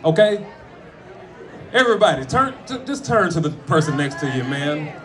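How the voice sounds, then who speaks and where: A man, a comedian, speaking at a friend's memorial, mixing funny stories with tribute, animated and profane, with sudden shouts. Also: fairly high pitch, moderate pace, a faint crowd. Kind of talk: storytelling eulogy with jokes. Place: room with a gathered audience.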